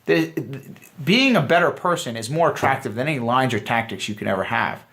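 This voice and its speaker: A man's voice: mid-range voice, expressive, brisk, fairly bright tone. A man giving earnest, emphatic dating advice straight to camera, talking to viewers as guys. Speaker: dating coach. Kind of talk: direct-to-camera coaching talk.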